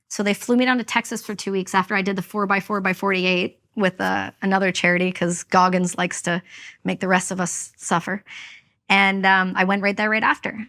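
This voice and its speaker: A woman's voice: medium pitch, gravelly, sharp tone. A woman from Canada, a veteran and guest, telling a personal story in an interview, candid and blunt.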